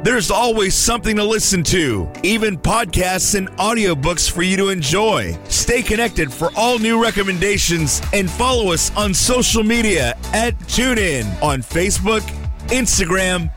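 A man's voice: high voice, lively intonation, a little slow, a bit bright, soft background music. A man reading an upbeat, promotional radio ad script. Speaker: announcer. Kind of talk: scripted ad read.

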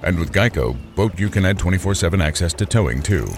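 Deep-voiced male ad announcer. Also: animated, fast, slight background noise. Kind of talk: scripted ad narration.

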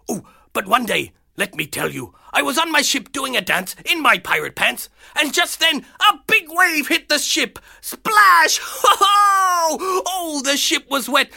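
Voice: sits high, creaky, sharp tone, full character voice. A performer playing a boisterous, jolly male pirate captain with a hearty pirate accent, telling a story on a children's show. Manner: boisterous, hearty, laughs often.

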